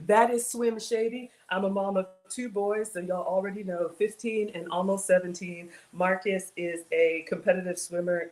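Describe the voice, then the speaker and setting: A woman's voice: lowish voice, a little mellow. A woman in her forties hosting a casual home cooking livestream from her kitchen, chatty and greeting viewers by name.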